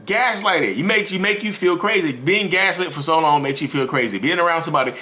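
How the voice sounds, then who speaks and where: A man hosting a mental health channel, giving casual, animated commentary to his viewers and acting out quoted lines. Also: on the high side, fast talker. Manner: animated, addresses viewers as y'all, acts out quotes.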